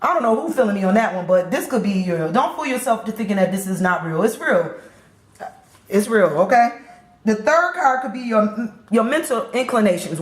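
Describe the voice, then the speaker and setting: A woman with a somewhat high voice, sounding reverberant, does a casual tarot reading. She speaks straight to her viewers in a chatty, repetitive way.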